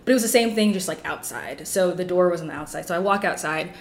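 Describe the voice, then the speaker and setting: A woman's voice: lowish voice, fast, creaky, slight background noise. A young woman telling a rambling story on a podcast as a guest, packing her talk with "like". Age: young adult. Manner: rambling, fills with "like" constantly. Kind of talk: casual storytelling.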